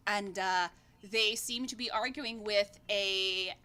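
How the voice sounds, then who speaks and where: A woman's voice: medium pitch, steady tone, slow, sharp tone, clean tone. A woman narrating a tabletop game as game master in a casual, rambling way, swearing freely.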